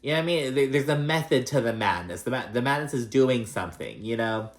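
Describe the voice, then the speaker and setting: A man's voice: medium pitch, expressive, quick pace. Gossipy man in a roomy echo. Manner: chatty, gossipy and profane, with frequent fillers. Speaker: reality TV recap host. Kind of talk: casual recap commentary.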